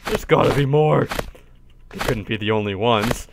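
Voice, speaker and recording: A man giving casual let's-play commentary, excitable, cursing often and yelping in surprise. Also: medium pitch, moderate pace, noisy background. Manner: excitable, swears often, yelps and shouts in surprise. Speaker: gaming video host.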